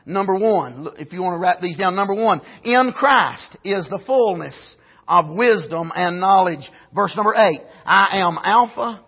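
Male preacher, very high and breathy, emphatic amen-punctuated sermon, muffled lo-fi church tape. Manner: emphatic, swings between shouting and low asides, punctuates with amen. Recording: dull lo-fi recording.

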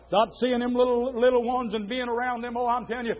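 A man preaching a sermon, swinging from hushed storytelling to fiery shouts and stretching out his words. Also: very high-pitched, steady tone, fast talker, few pauses, phone-quality sound. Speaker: pastor.

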